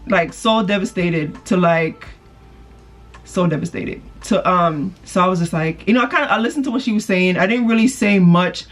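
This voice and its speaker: A woman's voice: on the low side, moderate pace. A woman casually telling a personal story on her channel, swearing freely and acting out the people she quotes, while doing her makeup. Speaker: vlogger.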